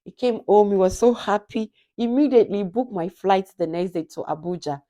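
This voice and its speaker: A young Nigerian woman vlogger with a Nigerian accent, telling a personal story in a casual, animated way and acting out the dialogue. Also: medium pitch, a little fast. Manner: animated, acts out quoted dialogue.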